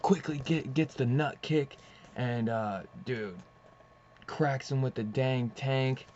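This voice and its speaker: A young man casually reviewing a comic book, rambling and excitable, swearing and saying "dude" often. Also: mid-range voice, takes it slowly. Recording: slightly dull lo-fi audio with faint hiss.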